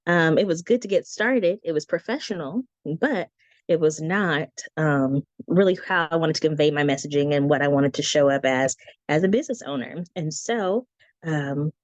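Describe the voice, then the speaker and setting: A woman with a squeaky, slightly low voice talks through branding tips in a chatty, animated way, tossing in breezy asides. Her voice comes through a dry, muffled video call. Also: normal speed, dry recording. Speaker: branding guest teacher. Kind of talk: casual teaching talk. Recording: dry, dull lo-fi call audio.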